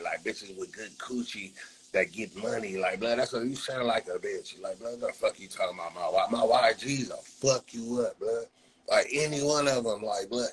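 A man from Los Angeles hosting a livestream, trash-talking and roasting a viewer loudly. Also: medium pitch. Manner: loud, profane, taunting. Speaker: livestream host. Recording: noisy phone livestream.

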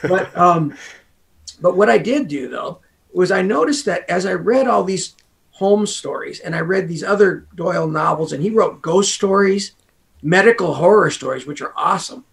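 An American man, a guest author, chats loosely in an interview, wandering off into asides. His voice is high, animated and creaky, at a moderate pace.

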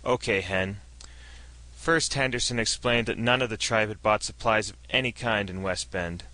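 A man narrating a science fiction story in a steady storytelling read. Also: lowish voice, normal speed, no echo, poor audio.

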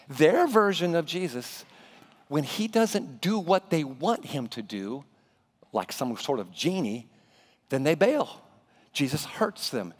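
Animated male pastor preaching in a hall. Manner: animated, drops to a hushed low voice for emphasis. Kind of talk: sermon. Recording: reverberant church hall.

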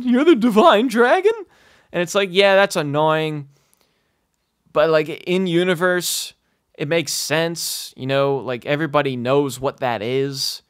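A man's voice: fairly high pitch, fairly bright tone, clean tone, no room sound, studio quality. A man talking casually about a video game, swearing often and filling his talk with "like" and "you know". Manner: profane, lots of fillers; frequent laughing asides. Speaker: game reviewer. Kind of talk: casual spoken rant.

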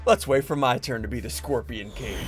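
A man hosting a gaming video, commenting excitedly on play with friends and yelling and laughing at times. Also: mid-range voice, brisk, background noise. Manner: excitable, yelling and laughing, then quietly explaining the game. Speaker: gaming channel host. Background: game music.

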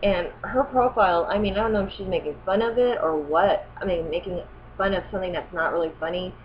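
A woman's voice: on the low side, fast talker, dull audio, a little hiss or hum. A woman in her thirties telling a personal story as a vlogger, rambling, correcting herself and growing indignant. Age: 30s.

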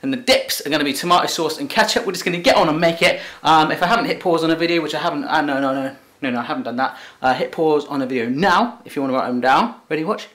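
English guy doing a cooking vlog in his kitchen, kinda high voice, chatty and joking around. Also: fast talker, hardly any pauses, fairly bright tone. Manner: chatty, jokey, upbeat. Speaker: cooking show host.

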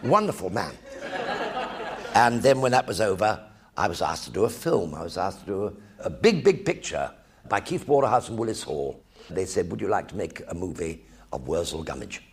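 Gravelly older English raconteur. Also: male voice, low voice, moderate pace. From England. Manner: lively raconteur, acting out quoted colleagues. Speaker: actor telling career stories on stage. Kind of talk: anecdotal one-man stage show.

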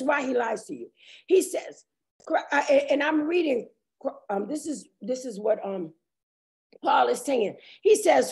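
Woman preacher, tearful, gravelly edge, high voice, cries out in passion. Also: animated. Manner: impassioned, cries out and shouts while preaching, reads scripture slowly. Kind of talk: sermon.

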